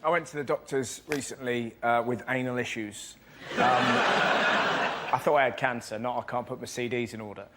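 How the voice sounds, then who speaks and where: A man doing a lively stand-up routine on a TV panel show, bursting into loud silly voices for punchlines. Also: mid-range voice, normal speed. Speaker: comedian panelist. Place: TV studio with live audience. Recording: noisy broadcast audio with audience laughter.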